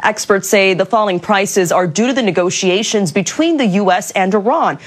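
A woman's voice: medium pitch, moderate pace. A woman news correspondent reading a radio report evenly.

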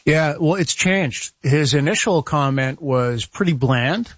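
A man's voice: on the high side, a little slow, fairly bright tone, no room sound, dull audio. Male strategist commenting dry on the radio. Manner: conversational, analytical, with frequent restarts and little laughs. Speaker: communications strategist, regular radio guest. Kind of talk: casual talk radio commentary.

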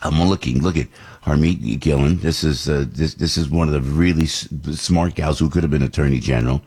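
A man hosting a political talk show, rambling and repeating himself in an animated way. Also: extremely low pitch, brisk, breathy edge. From New Jersey.

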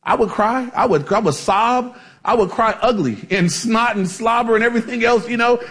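High-voiced casual male preacher. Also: normal speed, fairly bright tone. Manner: casual and chatty, with frequent "you know" and restarts. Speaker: pastor. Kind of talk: conversational Bible-teaching sermon.

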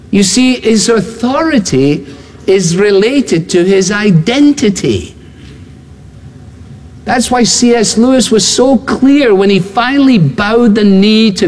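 Man, pastor, sermon, emphatic, repeated phrases, rhetorical questions, lively pitch, long hall echo. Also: a little slow, slight background noise.

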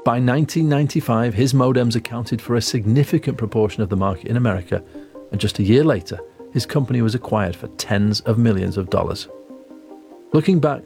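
Sex: man. Role: reporter narrator. Style: scripted documentary narration. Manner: measured, storytelling. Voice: lowish, over soft music.

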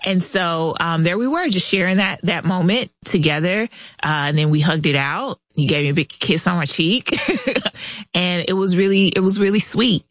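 A woman's voice: lowish voice, moderate pace, no echo. A woman guest author, past her thirties, candidly telling a personal story in a casual interview and quoting the people involved. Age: adult past thirties. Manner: candid, animated retelling with quoted dialogue.

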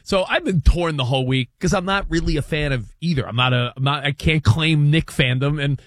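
A man's voice: on the high side, fairly quick, dry recording, studio quality. New man telling a sports story. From New York. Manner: storytelling, animated, self-deprecating. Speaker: podcast co-host, youth sports coach. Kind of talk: casual sports chat.

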